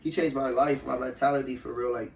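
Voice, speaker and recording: A young man from Ohio, an MMA fighter, telling his story in a loose, profane, animated way during a casual interview. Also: medium pitch, fairly quick, vocal fry, roomy sound. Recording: slightly distant mic with faint room noise.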